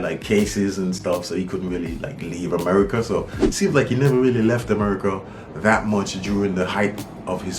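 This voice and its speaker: A man from St. Kitts, a rapper, telling a story in a laid-back, rambling, slangy way. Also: fairly low pitch. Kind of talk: casual storytelling vlog.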